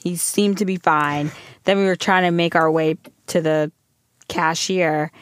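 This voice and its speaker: A woman's voice: on the low side, steady tone, unhurried, dry recording, studio quality. A pregnant young woman co-hosting a podcast, telling a story in casual chat and acting out her toddler's lines. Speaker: podcast co-host.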